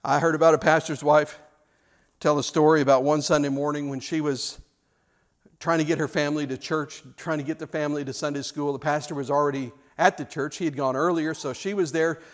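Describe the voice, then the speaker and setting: Speaking a bit quickly with fairly even intonation and a fairly high pitch, this pastor preaches through storytelling. He often restarts, repeats words and asks rhetorical questions.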